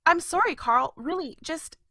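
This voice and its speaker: A guilty princess in a video game, pleading and placating. Her voice is high and bright with a sharp edge. The recording is dry, with no room sound. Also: animated, normal speed, dry recording, heavily acted.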